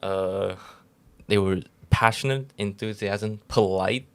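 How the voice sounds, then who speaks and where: A young man who is not a native English speaker, co-hosting a podcast and telling stories in a rambling, halting way. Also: on the low side, clean tone. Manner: relaxed, rambling storyteller with halting restarts. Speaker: podcast co-host. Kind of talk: casual storytelling chat.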